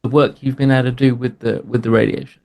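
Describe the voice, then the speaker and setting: A man co-hosting an interview, asking long rambling questions with restarts and offering quick affirmations. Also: medium pitch, level tone, vocal fry, a little mellow. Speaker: co-host. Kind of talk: casual interview chat.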